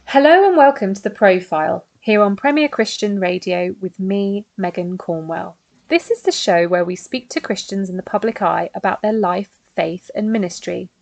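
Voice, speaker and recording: Polished radio host woman, mid-pitched. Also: normal speed, gravelly, a little mellow, soft background music. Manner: polished scripted introduction and curious questions. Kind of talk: radio interview hosting.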